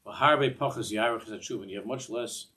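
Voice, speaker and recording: A man's voice: lowish voice, quick pace, pushed and bright. An older man teaching a Torah class in a discursive way, often repeating words and mixing in Hebrew phrases.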